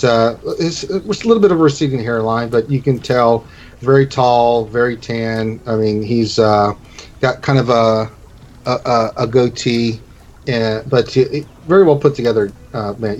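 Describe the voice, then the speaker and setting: A man runs a tabletop game as its game master. He describes each scene in loose, rambling sentences, restarting often, and his voice sits at an ordinary middle pitch. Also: darkish tone.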